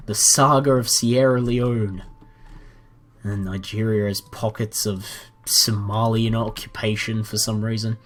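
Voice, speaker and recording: Playful man giving slow casual game commentary. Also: fairly low pitch. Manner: playful, jokey, chatty with excited outbursts. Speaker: gaming commentator.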